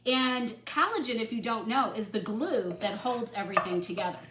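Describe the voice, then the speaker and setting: A woman's voice: fairly high pitch, moderate pace, noisy background. A middle-aged woman hosting a casual cooking demonstration, chatty and enthusiastic as she works in her home kitchen. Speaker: cooking show host. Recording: echoey room.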